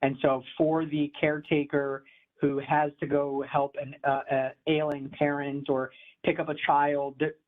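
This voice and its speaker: A man with a fairly high voice gives a conversational interview as a commercial real estate advisor. His delivery is animated and emphatic but easygoing. The sound is thin and tinny, like a phone line. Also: a little slow.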